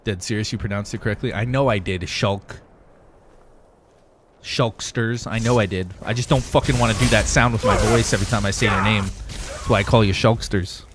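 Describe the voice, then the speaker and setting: A young man streams a game, chatting loosely with his viewers, reading their messages, swearing casually and laughing a lot. His voice is lowish and steady, at a moderate pace, with background noise in the recording.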